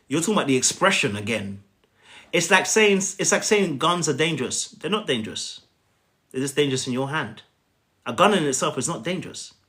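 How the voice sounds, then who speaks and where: A life coach with a highish, sharp, sing-song voice talks a little fast to viewers through a phone on a live stream. He's emphatic, often checking in with "okay?" and calling people by name.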